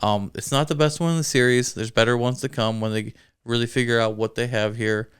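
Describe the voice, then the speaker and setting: A man's voice: mid-range voice, fairly even intonation, a little fast, fairly bright tone, clean tone. A man co-hosting a casual movie review chat, laughing easily as he talks. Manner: chatty, laughs often. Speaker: podcast co-host.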